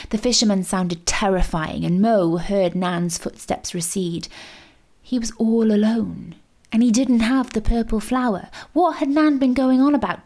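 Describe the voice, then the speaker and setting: A woman reading a children's storybook aloud, with expressive, suspenseful narration. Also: on the high side, normal speed.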